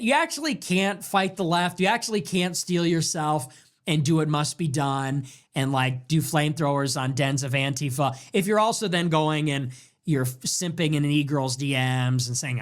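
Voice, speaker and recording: A male commentator with a fairly high voice holds forth on a casual politics show. He talks emphatically, with open scorn. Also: normal speed. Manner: emphatic and scornful, mocking mimicry.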